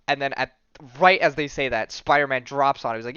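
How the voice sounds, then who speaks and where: A podcast host, retelling a comic story in casual chat and acting out the characters' lines. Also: male voice, mid-range voice, fairly even intonation, fast talker, few pauses, pushed and bright, clear, resonant tone, dry recording, muffled recording. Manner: rambling storyteller, acts out quotes in a loose offhand way.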